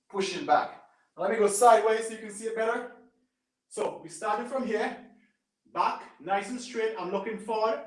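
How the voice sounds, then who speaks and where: A man's voice: normal speed, distant mic. Man coaching a band workout in an echoey room. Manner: coaching, repeats "right?" and "boom". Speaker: fitness instructor. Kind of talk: live workout demonstration. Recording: echoey room, away from mic.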